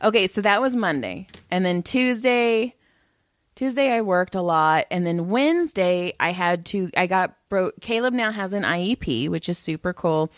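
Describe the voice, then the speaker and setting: A woman's voice: on the low side, expressive, moderate pace, no room sound. A woman co-hosting a podcast, telling a story in casual chat and swearing freely. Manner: chatty, swears freely, acts out quotes. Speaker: podcast co-host.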